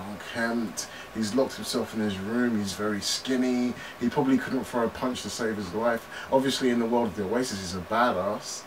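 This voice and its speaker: A young man hosting a reaction video, rambling casually with many restarts and frequent laughs. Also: mid-range voice. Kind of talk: casual commentary. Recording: distant mic with background noise.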